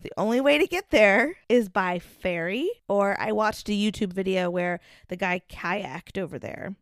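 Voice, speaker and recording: A woman's voice: medium pitch, moderate pace, no echo, clean studio sound. A young adult woman co-hosting a podcast, chatting casually and laughing between remarks as she presents her research. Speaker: podcast co-host.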